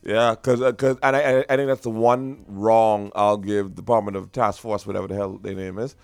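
Gravelly man in lively casual talk. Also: moderate pace, no echo, faint music behind. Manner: animated, pitch jumps high when emphatic. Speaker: podcast co-host. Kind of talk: casual chat.

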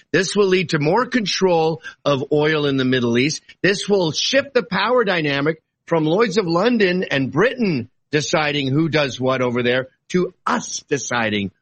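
This man, a political guest with a fairly high-pitched voice, makes his case in a heated debate. His delivery is lively and combative, swinging from casual asides to sudden exclamations.

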